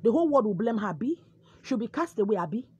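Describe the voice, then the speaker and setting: A woman with a Nigerian accent telling a comic first-person story, dramatic and lively. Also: fairly high pitch, fast, breathy edge, dry recording, dull audio. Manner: dramatic, lively, code-switching.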